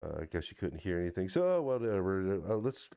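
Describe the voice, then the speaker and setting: A man's voice: sits low, sing-song, a little fast, mellow, clear, resonant tone. A male podcast host, teasing his guest in a sarcastic, casual way. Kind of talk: casual chat.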